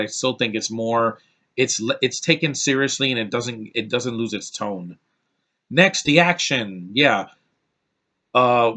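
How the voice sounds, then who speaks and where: A man's voice: medium pitch, pushed and bright. A man casually reviewing films off the cuff, rambling with restarts and blunt opinions. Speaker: film reviewer.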